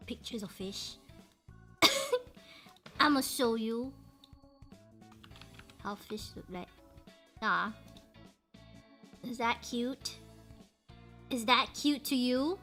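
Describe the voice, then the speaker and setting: A woman's voice: a little high, bright, forceful tone. A Malaysian woman livestreaming, chatting playfully and laughing often, mixing in English. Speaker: streamer. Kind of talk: casual livestream chat.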